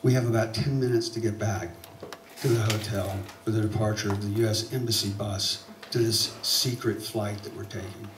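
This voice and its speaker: A man from South Alabama with a Southern accent, telling a personal story live on stage, animated and getting louder at the tense moments. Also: fairly low pitch, normal speed, noisy background. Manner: animated, building to loud excitement at tense moments. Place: theater stage. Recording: roomy live hall recording from a distance.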